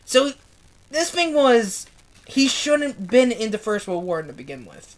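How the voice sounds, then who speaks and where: A woman's voice: a little high, very animated, unhurried. A young woman reading a novel aloud, emotional and often swearing as she reacts. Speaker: book reader.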